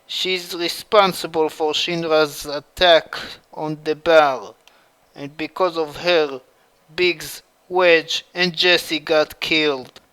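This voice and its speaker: A man reading the part of a gruff, angry rebel leader in a fan story. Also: fairly high pitch, steady tone, slow pace, fairly bright tone.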